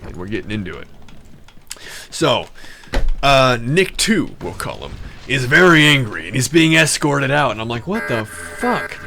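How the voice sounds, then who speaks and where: A man's voice: medium pitch, very animated, normal speed, bright, forceful tone, slight background noise. A male streamer telling a long, rambling, profane story and breaking off to talk to his chat. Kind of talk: casual storytelling on a live stream. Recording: clear music in the background.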